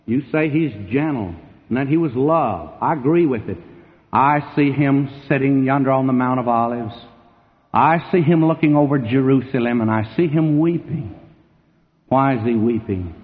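A man's voice: medium pitch, normal speed. Emphatic preaching man, tinny and echoing. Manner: emphatic, sweeping swings between loud and hushed. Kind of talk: sermon. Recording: tinny narrow-band sound with long hall reverb.

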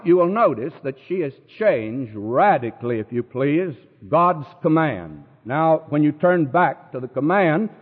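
A man preaching a sermon in an emphatic way, his voice rising to high, ringing peaks. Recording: phone-like sound with long hall reverb.

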